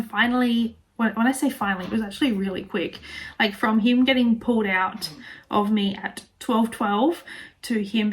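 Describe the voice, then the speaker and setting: A young Australian woman telling a personal story in a chatty vlog style, full of fillers and emotion. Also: on the high side. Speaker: vlogger.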